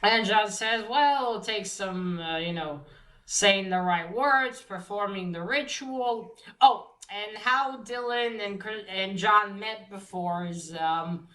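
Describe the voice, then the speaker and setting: A woman's voice: medium pitch, takes it slowly, bright, forceful tone, low-quality recording. A woman casually recapping a comic book story, swearing freely and retelling each scene with lots of fillers.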